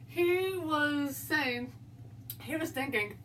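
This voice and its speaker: Rambling spooky storyteller, woman, bright voice; distant mic, faint noise. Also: high-pitched, expressive. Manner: rambling, halting narration with restarts.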